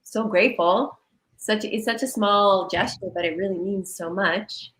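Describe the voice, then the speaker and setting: A woman energy healer giving a coaching talk on a livestream video call, animated and guiding listeners through exercises. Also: medium pitch, moderate pace, echoey room, poor audio.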